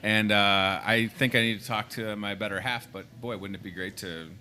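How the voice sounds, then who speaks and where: A man hosting a lively talk show inside a grocery store, joking and rattling off deals. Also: on the low side, slight background noise. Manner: energetic, joking, rapid-fire deal listing. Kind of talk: upbeat promotional chat.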